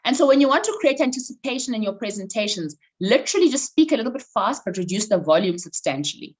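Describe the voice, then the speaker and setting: A woman leading an online voice workshop over a video call, animated and coaxing. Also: on the high side, fast talker, slightly rough, low-quality recording. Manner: animated, instructive, coaxing participants. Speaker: voice coach running a workshop.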